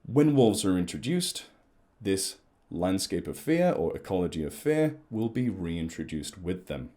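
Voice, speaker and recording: A man's voice: low voice, very animated, measured pace, warm tone. A man, an ecologist chatting at length and in a rambling way as he explains to camera.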